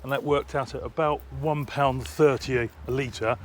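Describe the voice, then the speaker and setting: A man films a travel vlog outdoors on a handheld camera. His voice is mid-pitched and teasing, and he exclaims with enthusiasm. Faint outdoor noise sits behind him. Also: steady tone, moderate pace. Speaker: travel vlogger. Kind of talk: casual travel vlog chat. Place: outdoors at a lakeside monastery.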